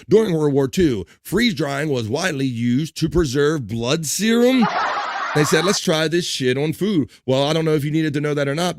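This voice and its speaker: A man hosting a casual livestream, joking around and reading viewer comments aloud. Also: mid-range voice. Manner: upbeat, jokey, reads chat messages aloud. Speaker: livestream host.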